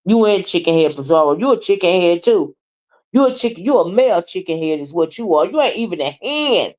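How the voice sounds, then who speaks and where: A woman's voice: on the low side, very animated, brisk, a little mellow. A woman hosting a casual livestream, scolding and sassy, with repeated "okay?" and "child.". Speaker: livestream host.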